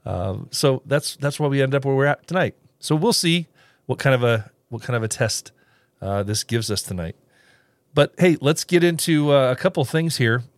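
A man's voice: medium pitch, lively intonation, moderate pace, no echo. A man hosting a casual solo podcast, rambling with restarts and little chuckles as he reads live comments. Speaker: podcast host.

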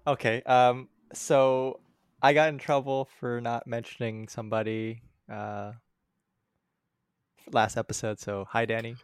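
A man's voice: medium pitch, flat delivery, measured pace, clean tone, no echo, clean studio sound. A man co-hosting a casual podcast, speaking hesitantly with plenty of fillers. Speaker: podcast co-host. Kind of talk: casual chat.

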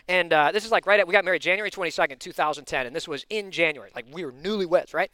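Intense, high-voiced man preaching. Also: quick pace, clean tone, no room sound. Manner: animated and intense, given to loud outbursts; chatty, full of fillers and asides. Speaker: pastor. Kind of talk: sermon with personal storytelling.

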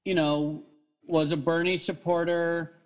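A man's voice: fairly high pitch, level tone, unhurried, low-quality recording. A man chatting casually, telling a long story with many fillers and restarts and frequent laughter. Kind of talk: casual chat.

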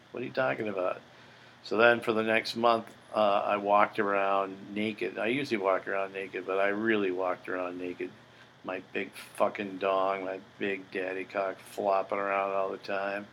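Older man, gravelly, low-pitched, blunt profane storyteller, faint background hiss. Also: a bit bright, low-quality recording. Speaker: podcast host. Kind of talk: casual storytelling monologue.

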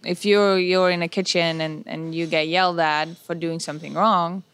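A woman's voice: on the low side, steady tone, moderate pace, a bit bright, clear, resonant tone. A woman chef as an interview guest, giving sincere advice in a hesitant way, restarting her sentences often. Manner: hesitant, with frequent restarts and filler "uh". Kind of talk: casual conversational interview.

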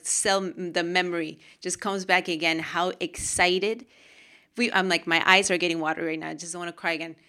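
A woman from Peru talking to camera about her own experiences, with animated, emotional storytelling. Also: medium pitch. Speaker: host. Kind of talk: casual monologue to camera.

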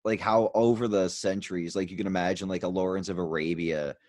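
A man's voice: sits low, steady tone, a little fast, a little mellow, no echo, clean studio sound. A man hosting a podcast in casual conversation, rambling with frequent restarts and fillers. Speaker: podcast host.

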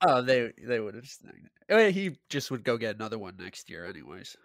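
A man's voice: medium pitch, big pitch swings, brisk, no room sound, clean studio sound. A man co-hosting a podcast, chatting casually about football and correcting himself as he goes. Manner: rambling, self-correcting. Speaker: podcast co-host. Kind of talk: casual sports chat.

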